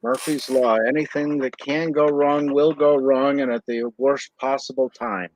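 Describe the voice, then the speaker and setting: A man's voice: medium pitch, steady tone, a little slow, no echo. A man on a panel telling dry anecdotes in casual chat. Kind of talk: casual web show chat. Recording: dull dry lo-fi audio.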